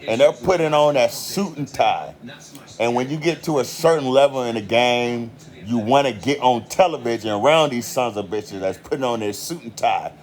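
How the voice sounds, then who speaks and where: A man's voice: mid-range voice, moderate pace. A man with an American country accent ranting in a heated, profane monologue. He swears constantly and repeats himself for emphasis. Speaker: commentator.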